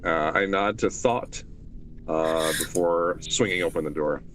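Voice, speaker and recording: Slow, deep-voiced male player. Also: a bit bright. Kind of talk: tabletop game play.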